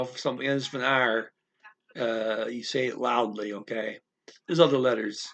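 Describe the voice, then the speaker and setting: Slow, halting male language teacher. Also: mid-range voice, sharp tone. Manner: slow, halting explanations with fillers and repeated words. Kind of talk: casual language lesson.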